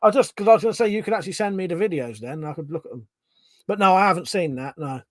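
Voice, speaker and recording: A rambling, chatty man with a Home Counties English accent, hosting a relaxed livestream and chuckling between thoughts. His voice sits a little higher than most men's. It is recorded close and dry, with no room echo. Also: very fast. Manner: rambling, chatty, chuckles often, swears casually. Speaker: livestream host. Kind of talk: casual livestream chat, reading out viewer comments.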